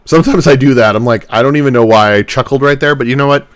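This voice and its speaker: A man's voice: medium pitch, quick pace, no room sound. A young man and podcast host chatting casually on a livestream while editing his own show, self-mocking and rambling, with some swearing.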